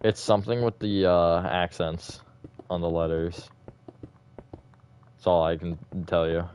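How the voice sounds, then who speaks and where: Smooth low-voiced male streamer. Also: fairly even intonation, measured pace, darkish tone. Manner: chatty, reacting to viewer comments. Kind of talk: live gaming stream chat.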